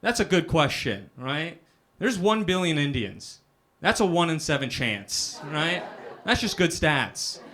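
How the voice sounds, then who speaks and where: A man's voice: on the high side, very animated, measured pace, few pauses, bright, forceful tone. A young man doing a self-deprecating stand-up set, often asking "right?" after his punchlines. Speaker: stand-up comedian. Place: comedy club stage with a live audience.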